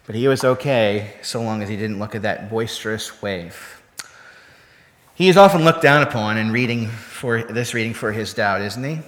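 A man preaching a sermon in a conversational way, often putting rhetorical questions to his listeners. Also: fairly low pitch. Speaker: pastor. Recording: long reverb of a hall.

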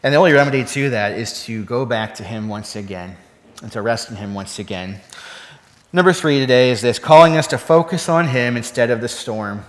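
Speaking at a little faster than usual, a male pastor delivers a conversational sermon full of rhetorical questions aimed at his listeners. His medium-pitched voice is expressive, echoing with a hall's long reverb.

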